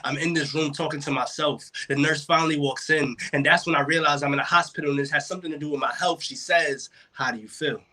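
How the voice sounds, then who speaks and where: A man with a fairly high, bright voice performs spoken word poetry for an online open mic. He speaks over a video call in a rhythmic way that builds in intensity. He leans on wordplay. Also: fairly even intonation, quick pace, hardly any pauses. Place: home, joining a virtual open mic.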